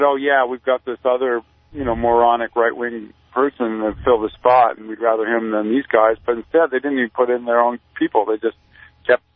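Male caller-guest, deadpan and rambling, heard over a thin phone line. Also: mid-range voice, no echo. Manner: rambling, deadpan, many fillers. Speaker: activist guest. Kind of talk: casual radio interview.

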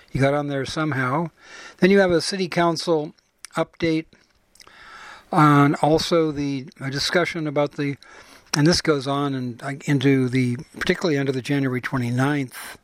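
An older man hosting a radio show, casually introducing old archived episodes with lots of pauses, fillers and restarts. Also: on the high side, no room sound. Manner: rambling, many fillers and restarts.

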